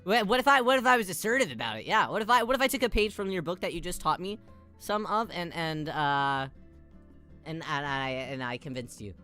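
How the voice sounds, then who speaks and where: A woman's voice: lowish voice, lively intonation, brisk, bright, forceful tone, faint music behind. A woman hosting a stream as an idol, asking playful questions and giggling often. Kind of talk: casual chat.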